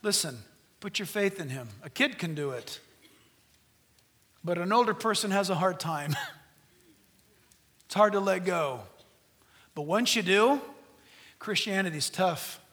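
A middle-aged man preaching a sermon as pastor, animated, swinging from loud peaks to hushed asides. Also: high voice, unhurried, long pauses.

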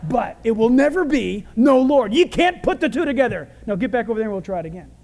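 A preacher acting a stern, scolding teacher. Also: male voice, very high voice, sing-song, fast, vocal fry, a little mellow, full character voice. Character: stern teaching male master scolding a disciple.

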